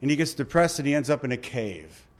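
A man's voice: medium pitch, lively intonation, fast. A man preaching a sermon in a conversational way, reading scripture and acting out short quoted asides. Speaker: pastor.

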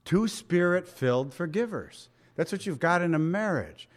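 A man's voice: high voice, lively intonation, normal speed. A middle-aged man preaching a sermon, folksy and conversational, with joking asides and chuckles. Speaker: pastor.

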